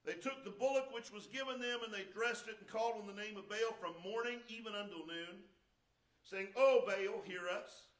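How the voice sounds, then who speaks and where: High-voiced preaching pastor in echoey church. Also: male voice, normal speed. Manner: preaching, building to shouts. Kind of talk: sermon. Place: church sanctuary.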